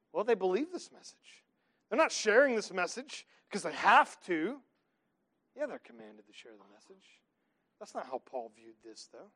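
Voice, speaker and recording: A man in his thirties delivers a sermon from the pulpit with a fairly high voice. He moves between strong, emphatic declarations and soft, hushed asides, keeping a conversational pastor's tone. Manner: dynamic preaching, swinging from loud to hushed.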